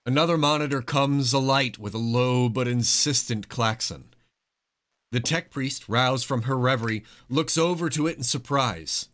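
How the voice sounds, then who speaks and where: A man's voice: medium pitch, normal speed. Casual male game master narrating. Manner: relaxed narration with casual filler.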